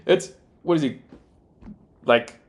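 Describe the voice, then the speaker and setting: Slow-talking man with a Rioplatense Spanish accent. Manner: rambling, thinking aloud with many fillers. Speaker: game developer streaming his work. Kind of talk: casual live-stream chat while working.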